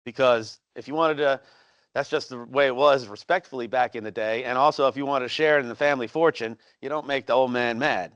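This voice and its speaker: A man's voice: mid-range voice, brisk, a bit bright, smooth, no echo, dull audio. A man hosting an educational history video, talking casually with many fillers and restarts, on location at a historic house.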